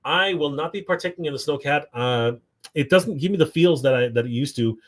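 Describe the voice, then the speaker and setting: A man's voice: on the high side, fairly quick. A man from Canada hosting a live toy stream, reading viewer comments aloud and chatting casually, upbeat with frequent fillers. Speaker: livestream host.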